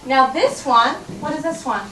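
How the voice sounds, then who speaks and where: A high-voiced woman leads a first-grade reading lesson, patient and coaxing, checking in with the class. She is recorded from a distance in an echoey classroom, with noise in the recording. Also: animated, moderate pace. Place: elementary school classroom. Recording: roomy classroom recorded from afar, noisy.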